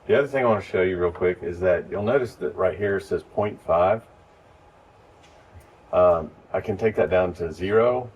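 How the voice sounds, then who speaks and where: A man with a very low voice gives casual, step-by-step training to church volunteers. He is recorded from a distance, and faint noise hangs behind him. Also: moderate pace. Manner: relaxed, explains step by step. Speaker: lighting instructor.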